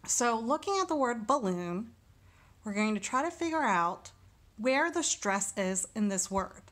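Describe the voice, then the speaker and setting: A woman teaching a recorded lesson, speaking slowly and deliberately and sounding out syllables one by one. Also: a little high, lively intonation, fairly bright tone.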